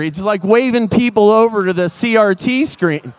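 A man telling a funny personal story in animated bursts, acting out what people said. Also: high-pitched, clean tone, no echo. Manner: animated, quick bursts and acted-out quotes.

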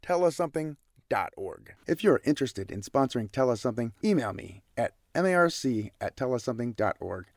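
A male host reading a steady, scripted closing announcement. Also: medium pitch, brisk, dry recording, clean studio sound. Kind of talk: scripted outro.

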